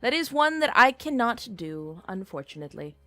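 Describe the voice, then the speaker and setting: A woman's voice: fairly high pitch, sing-song, moderate pace, pushed and bright, dry recording, soft background music. A woman streaming a game in casual chat, playful and trying out silly voices.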